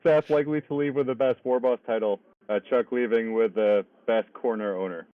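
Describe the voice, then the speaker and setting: A man's voice: medium pitch, normal speed. A man giving laid-back, dry live commentary on a tabletop wargame, laughing often. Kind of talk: casual live game commentary. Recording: tinny phone-like line.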